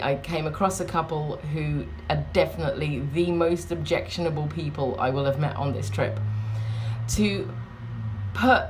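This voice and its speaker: Chatty woman, low voice. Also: a little hiss or hum. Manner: chatty, rambling, wry. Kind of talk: casual vlog chat. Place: hotel room.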